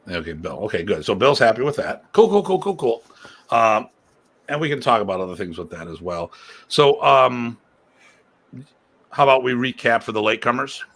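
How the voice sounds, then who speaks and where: Forceful low-voiced male stream host. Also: creaky. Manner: rambling and emphatic, prone to rants. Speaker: martial arts instructor and show host. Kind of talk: casual live-stream discussion.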